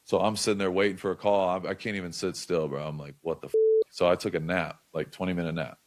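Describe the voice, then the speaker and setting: A young man appears as a podcast guest, telling stories casually in an animated, loose style full of slang and filler words. His voice sits low and moves at a quick pace.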